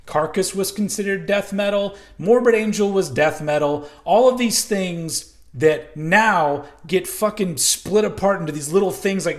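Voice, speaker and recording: A man's voice: sits high, a little slow, hardly any pauses. A man hosting a heavy metal video show, talking in a loose, rambling way, swearing freely and poking fun at himself. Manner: loose, profane and self-mocking, with frequent fillers. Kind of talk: casual rambling commentary.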